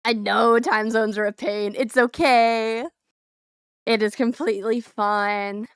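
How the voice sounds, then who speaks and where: A woman's voice: fairly high pitch, fairly even intonation, takes it slowly, clear, resonant tone, no echo, studio quality. Bubbly giggly young woman streamer. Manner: bubbly, giggly, talks straight to chat. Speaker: VTuber streamer. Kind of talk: casual live-stream chat.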